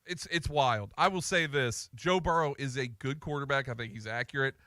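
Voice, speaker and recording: A man co-hosting a sports radio show, talking excitedly and emphatically, often repeating words as he restarts. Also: mid-range voice, moderate pace, no room sound, clean studio sound. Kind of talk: casual sports talk.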